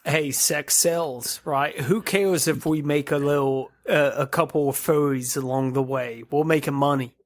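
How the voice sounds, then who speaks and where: A man's voice: on the high side, steady tone, measured pace, hardly any pauses, dry recording. A man co-hosting a podcast, chatting casually and tossing in joking, wry asides. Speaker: podcast co-host. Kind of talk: casual chat reviewing cartoons.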